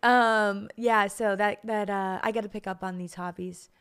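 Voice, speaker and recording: A woman's voice: mid-range voice, steady tone, normal speed, fairly bright tone, clear, resonant tone. A woman co-hosting a podcast in casual chat, laughing often as she talks. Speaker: podcast co-host.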